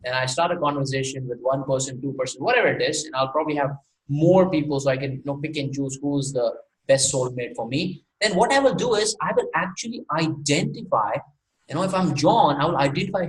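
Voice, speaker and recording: A man's voice: on the high side, expressive, brisk. A man from India teaching an online sales workshop, asking many rhetorical questions and laughing often. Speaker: sales trainer. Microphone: online call mic. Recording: echoey room with faint noise.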